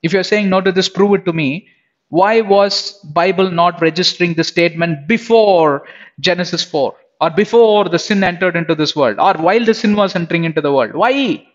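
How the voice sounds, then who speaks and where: A man's voice: sits high, moderate pace. A man preaching an emphatic sermon who keeps putting questions directly to his listeners. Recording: dull lo-fi sound.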